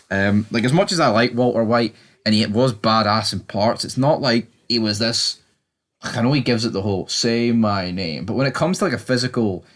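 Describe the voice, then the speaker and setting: A man's voice: mid-range voice, a bit bright. A young man giving a casual, rambling recap of a TV episode, full of fillers and restarts. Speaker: TV episode reviewer.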